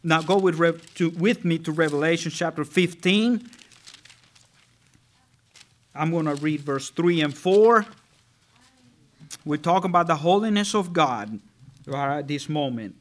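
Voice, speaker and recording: A male pastor delivers a sermon in a fairly high voice. He talks at an unhurried pace and reads scripture with drawn-out weight. When he stresses a point, his voice climbs and gets louder. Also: expressive. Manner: slow, earnest preaching with drawn-out scripture reading; rises in pitch and volume when stressing a point.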